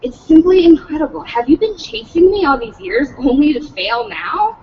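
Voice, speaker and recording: A woman's voice: sits high, sing-song, moderate pace, far from the mic, highs cut off, a little hiss or hum, pitched above the performer's own voice. A woman reading the part of a sneering, cruel nobleman swordsman with a mocking, gloating manner.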